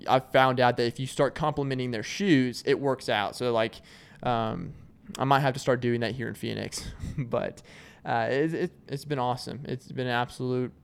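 A young man from Arkansas hosts his own podcast, chatting alone in a loose, joking way. He trips over fillers and restarts as he goes. His voice sits in the middle of a man's range and sounds smooth and full. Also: medium pitch. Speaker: podcast host. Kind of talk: casual solo chat.

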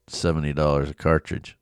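A man preaching a devotional Bible talk as a pastor, telling a personal story with animated energy and frequent chuckles. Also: extremely low pitch, moderate pace, clear, resonant tone, no room sound.

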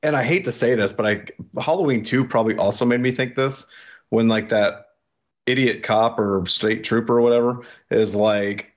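On a casual film review podcast, a male guest rambles through his theories, packing in likes and you-knows. His medium-pitched voice keeps fairly even intonation at a normal speed, and the recording sounds dull and muffled.

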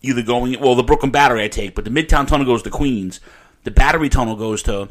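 A man's voice: medium pitch, fast. A man hosting a casual podcast chat, a rambling storyteller who swears and restarts often. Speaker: podcast host.

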